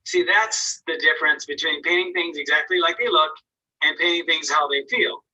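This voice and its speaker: Bright, husky-voiced painting teacher, off-mic. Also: male voice, on the high side, moderate pace, far from the mic, low-quality recording. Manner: encouraging, informal, thinks aloud. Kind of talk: casual critique in an online art class. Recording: voice from away from the mic.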